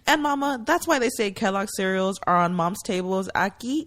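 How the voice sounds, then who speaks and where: A woman in her thirties co-hosts a podcast with an excitable, gushing delivery. Her voice sits at a middle pitch for a woman, and she swears casually as she chats. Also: moderate pace. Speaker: podcast co-host. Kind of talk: casual chat.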